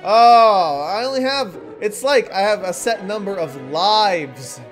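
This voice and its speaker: A gaming YouTuber giving let's play commentary, reacting with raised, excitable exclamations. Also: medium pitch, slow, faint music behind.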